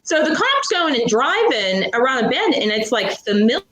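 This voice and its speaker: A young woman from Pittsburgh tells a wild story as a podcast guest, animated and quick to laugh. Her voice sits high and sounds bright and sharp. It rings out in an echoey room. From Pittsburgh, USA. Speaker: guest author. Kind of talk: casual storytelling.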